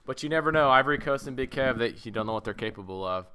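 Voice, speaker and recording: A young man hosting a live-streamed tournament draw. He talks loudly and excitedly, swearing and laughing often. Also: mid-range voice, quick pace, clear, resonant tone.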